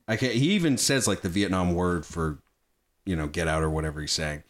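A man's voice: deep voice, very animated, fairly quick. A man in a casual chat about a film, talking with animation, swearing freely and acting out quotes as he retells scenes.

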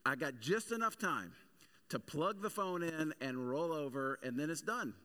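A man's voice: a little high, expressive, normal speed, sharp tone. A man in his thirties preaching a sermon as a pastor, mixing humorous everyday stories with emphatic preaching. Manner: conversational storytelling with humor, building to emphatic preaching.

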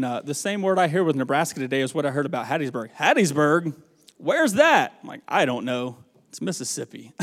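A Southern American pastor with a fairly high-pitched voice delivers a farewell sermon in a church sanctuary, and the large hall carries his sound. His style is earnest, rambling, and folksy, full of storytelling.

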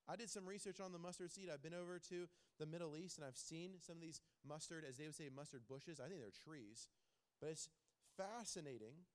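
Pastor, male, earnest small-group teacher with a slightly high voice. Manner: earnest, repeats words for emphasis. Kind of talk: teaching a bible study with questions.

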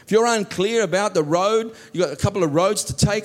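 A man delivers a sermon in a fairly high voice. He preaches earnestly, often sinking into soft, low tones to stress a point. He voices heartfelt prayers aloud as he goes. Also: lively intonation, normal speed, hardly any pauses.

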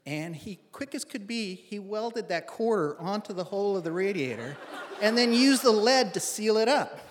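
A man's voice: high voice, expressive, normal speed, in a large hall, a little hiss or hum. A man telling a personal story to an audience in a wry, conversational, self-deprecating way.

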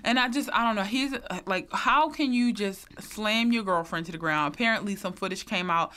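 A woman's voice: medium pitch, normal speed, bright, forceful tone. Blunt, laughing woman in casual chat. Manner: blunt, laughing, slangy storytelling. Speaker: podcast co-host.

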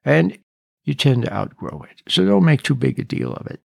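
A man's voice: medium pitch, wildly swooping pitch, moderate pace, vocal fry, a little mellow, no room sound, clean studio sound. A man hosting a podcast, speaking off the cuff and plain-spoken, often repeating his key points. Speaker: podcast host. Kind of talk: unscripted advice talk.

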